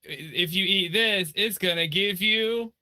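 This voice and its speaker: A man competing in a comedy game show, talking in a halting, drawn-out way. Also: high voice, sharp tone. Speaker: contestant. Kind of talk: casual comedic banter.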